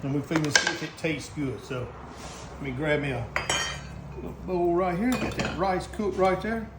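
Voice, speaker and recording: A man with a Southern US accent talks his way through a cooking demo in a high, bright voice, full of folksy exclamations. He sounds roomy and echoey, with clear background noise in the recording. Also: normal speed. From Southern United States. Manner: folksy, excited exclamations, talks to the camera operator. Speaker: host cooking on camera. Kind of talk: casual cooking demonstration.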